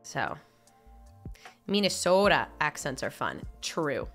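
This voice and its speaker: Nasal, bright-voiced streamer woman. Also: low voice, big pitch swings, takes it slowly, soft background music. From upstate New York. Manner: chatty and rambling, with frequent filler words. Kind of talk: casual chat while gaming, reading chat aloud.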